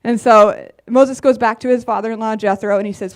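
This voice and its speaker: A woman's voice: on the high side, fairly even intonation, a little fast, few pauses. A woman giving a casual sermon in a church, chatty and often laughing, with many fillers. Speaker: preacher.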